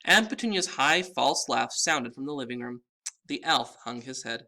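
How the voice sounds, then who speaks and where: A man reading a children's story aloud with expressive narration. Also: mid-range voice, normal speed.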